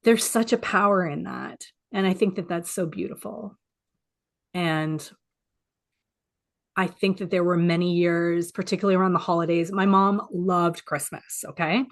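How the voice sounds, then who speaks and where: Woman, forties, heartfelt personal sharing; soft, pausing delivery, close to tears, home video call. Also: on the low side, steady tone. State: teary. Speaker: support group speaker. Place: home office. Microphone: home office video call.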